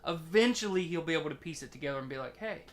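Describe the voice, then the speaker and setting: Profane, teasing young man, a bit high. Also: lively intonation, very fast. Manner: teasing, rambling with restarts, profane. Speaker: podcast host. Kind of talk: crude casual chat.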